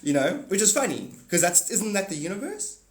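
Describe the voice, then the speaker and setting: A man's voice: high-pitched, sing-song, fairly quick, roomy sound, very noisy. A man hosting a casual livestream, talking to viewers in a rambling, blunt and profane way. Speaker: livestream host.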